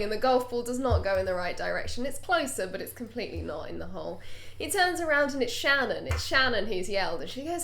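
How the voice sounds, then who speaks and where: High-pitched lady telling a joke on a podcast, very bouncy delivery. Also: brisk, hardly any pauses. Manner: animated joke-telling with acted-out voices. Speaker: podcast co-host. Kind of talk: comedic storytelling.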